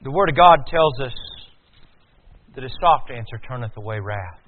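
A male preacher delivering a sermon, swinging from quiet, slow passages to loud, rising emphasis. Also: medium pitch, lively intonation, slight background noise. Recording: tinny phone-like sound.

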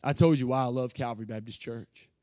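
A pastor preaching an emotional sermon from the pulpit, earnest and building to fervent passages. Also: male voice, medium pitch, fairly even intonation, fast, mellow, no room sound.

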